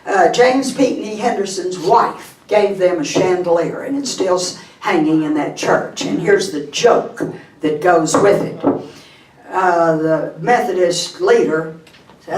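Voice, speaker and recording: A woman's voice: on the low side, slow pace, darkish tone, far from the mic. A woman with a Texan accent gives a humorous talk, joking and turning to the audience with asides. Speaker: speaker. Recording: echoey room, voice off-mic.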